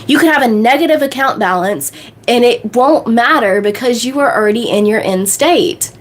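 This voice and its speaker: Bubbly high-voiced woman coach on a livestream. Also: lively intonation, a little hiss or hum. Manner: bubbly, fast, reads out chat questions and answers them. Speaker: manifestation coach.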